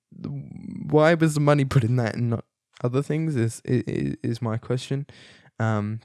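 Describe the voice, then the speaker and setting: A young man talks through a film in a loose, amused ramble, full of ums and false starts. His voice sits in an ordinary middle pitch. The recording is dry and close, with no room echo. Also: darkish tone. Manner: chatty, many fillers and restarts, amused. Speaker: podcast host reviewing a film. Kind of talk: casual rambling review.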